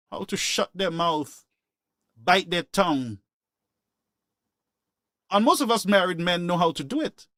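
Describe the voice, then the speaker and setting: Man, call-in radio host, preachy, raised pitch, dry close sound. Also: a bit bright, no room sound. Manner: impassioned, preachy, repeats points for emphasis. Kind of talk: opinionated call-in talk.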